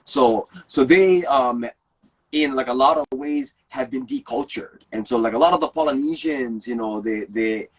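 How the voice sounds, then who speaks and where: A man's voice: medium pitch, expressive, normal speed, husky, low-quality recording. A man from Hawaii, talking earnestly in a laid-back way and often saying bro in casual conversation. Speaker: podcast guest.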